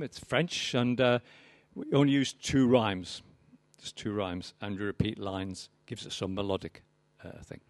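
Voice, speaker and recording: A man's voice: medium pitch, dry recording. An older man giving a live poetry reading, with wry, rambling, self-deprecating asides to the audience. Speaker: poet performing to an audience.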